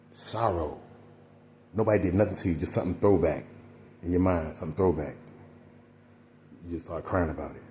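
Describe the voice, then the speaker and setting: Man, very low voice, mellow dark tone, preachy rambling talk, faint background noise. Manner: preachy, rambling, addresses listeners as y'all. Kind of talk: casual spiritual monologue.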